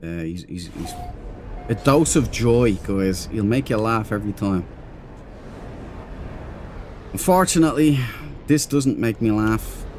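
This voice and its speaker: Male game streamer, lower register, loose rambling chat with viewers, easy laugher. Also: expressive, normal speed, darkish tone, slight background noise. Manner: rambling, chatty, reads and answers chat; laughs easily. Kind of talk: casual live-stream chat.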